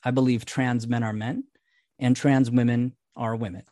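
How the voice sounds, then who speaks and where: A man's voice: mid-range voice, little pitch movement, normal speed, mellow, no echo, studio quality. A man co-hosting a podcast who reads listener mail aloud and then explains his view at length, in casual talk. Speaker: podcast co-host.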